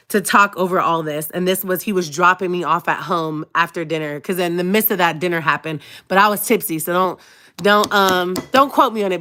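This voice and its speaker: A woman vlogger tells her viewers a personal story in a casual, animated way, packed with slang and asides. She laughs often and swings between hushed and loud, and her voice is lowish.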